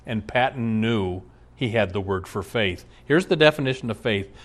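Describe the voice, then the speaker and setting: A pastor delivers a sermon in a fairly low, animated voice at a moderate pace. He tells stories emphatically and laughs often along the way.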